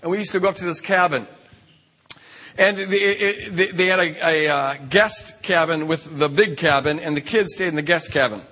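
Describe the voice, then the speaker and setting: At a retreat, a man tells a funny story full of stammered restarts. His voice is on the high side and sharp in tone, at a moderate pace, with long hall reverb in the recording.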